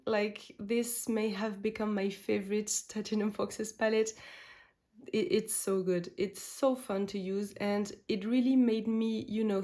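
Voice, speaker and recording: A woman's voice: medium pitch, darkish tone. A woman whose first language is French, talking casually and enthusiastically to camera in a beauty vlog, with frequent fillers and restarts. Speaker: beauty vlogger. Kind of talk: casual makeup chat.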